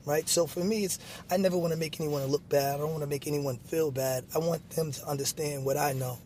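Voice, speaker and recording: A man's voice: fairly high pitch, fairly even intonation, a little fast, a little mellow, a little hiss or hum. A man talking as a guest in a casual conversation, earnest and patient, explaining things with lots of "you know.". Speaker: guest, basketball referee.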